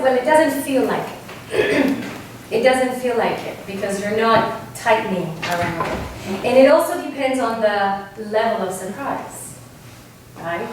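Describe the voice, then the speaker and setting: A woman's voice: fairly high pitch, a little hiss or hum. A woman from Argentina leading a choir workshop as vocal coach, demonstrative, often checking with "right?", recorded from far off in an echoey room. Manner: demonstrative, sings example sounds, frequent "right?". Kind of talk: workshop teaching.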